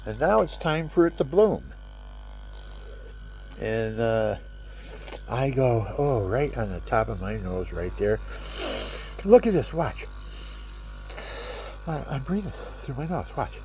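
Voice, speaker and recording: A man's voice: mid-range voice, big pitch swings, takes it slowly, long pauses, darkish tone, a little hiss or hum. An older man with a stuffy nose, rambling chattily at home in a casual vlog and showing things as he talks. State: stuffy nose, talking through his nose.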